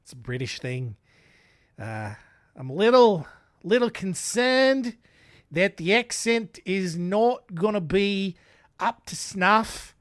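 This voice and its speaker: A man's voice: high-pitched, expressive, slow pace, no room sound, studio quality. A podcast host, a man, rambling in a put-on Australian accent, mocking himself between lots of fillers. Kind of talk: casual monologue.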